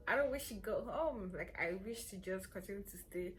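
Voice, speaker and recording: A young woman with a Nigerian accent chatting playfully to camera as a vlogger, hoarse from a cold and sore throat. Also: medium pitch, expressive, normal speed, slight background noise. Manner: chatty, playful and self-assured. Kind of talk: casual chat to camera.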